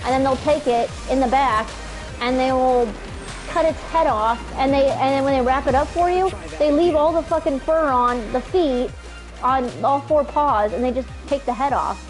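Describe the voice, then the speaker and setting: A young woman with a high-pitched voice tells a rambling travel story between races, animated and freely profane. Game music plays clearly under her talk. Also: normal speed. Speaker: gamer co-streamer. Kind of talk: casual chat while gaming.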